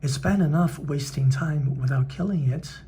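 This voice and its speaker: Gruff, impatient storybook watchdog, read by a man, husky and gravelly, dark tone, scolding. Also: fairly high pitch, normal speed, slight background noise, close to an everyday voice. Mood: stern. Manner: growling, scolding. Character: gruff impatient male watchdog with a clock body.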